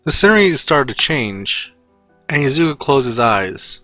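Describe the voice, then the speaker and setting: A man narrates a fan story in a plain, steady voice of middle pitch. The recording is dry with faint music under it. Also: unhurried, no echo.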